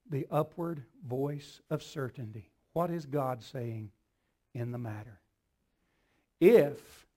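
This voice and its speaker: A man preaching a sermon, asking the congregation rhetorical questions and building to loud, emphatic declarations. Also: high voice.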